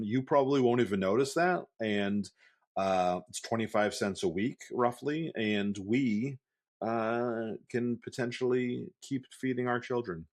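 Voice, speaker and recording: A man co-hosting a casual podcast, laid-back and halting, with lots of fillers. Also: medium pitch, darkish tone. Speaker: podcast co-host. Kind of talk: casual chat.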